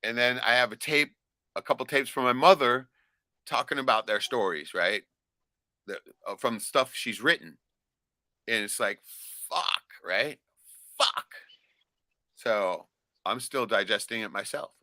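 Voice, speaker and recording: A man's voice: mid-range voice, normal speed, pushed and bright, dry recording. A middle-aged man from Alaska telling a rambling, profane story in casual talk, laughing often and tagging lines with "right?". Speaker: vlogger.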